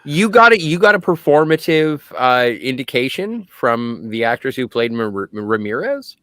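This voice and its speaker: A male podcast host chatting excitedly and emphatically about a movie. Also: mid-range voice, moderate pace, no room sound. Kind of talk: casual movie discussion.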